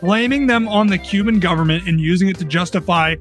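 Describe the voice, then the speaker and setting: A man with a high voice trades exasperated, profane jabs in casual podcast chat. He talks loosely and playfully. Faint music plays under him. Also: brisk, fairly bright tone. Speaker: podcast co-host.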